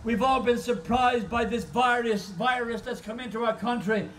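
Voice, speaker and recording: Man, guest preacher, very high voice, impassioned storytelling, distant mic, faint outdoor ambience. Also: moderate pace, fairly bright tone, a little hiss or hum. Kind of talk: sermon. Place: outdoor car park service.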